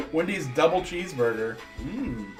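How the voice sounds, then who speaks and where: A man's voice: fairly high pitch, sing-song, takes it slowly, a little mellow, faint music behind. Dry-teasing man in casual chat. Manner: dry teasing, reads chat messages aloud. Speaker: livestream co-host.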